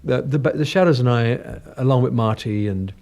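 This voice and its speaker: In a radio studio, a singer in his sixties from North London chats casually with the interviewer, telling self-deprecating stories. His English accent is slightly Cockney with a hint of the north. The voice is medium-pitched and darkish, at a normal speed.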